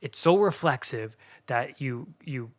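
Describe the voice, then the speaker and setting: A man hosts a solo podcast, addressing his listeners earnestly like a coach and moving between soft near-whispers and emphatic bursts. His mid-range voice is expressive and unhurried.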